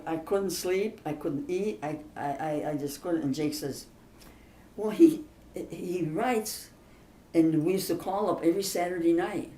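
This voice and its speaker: An older woman's deep, mellow voice carries her family stories through a casual interview. She chats emphatically and laughs through her tales, heard from a distant mic in a roomy space over a faint background hiss.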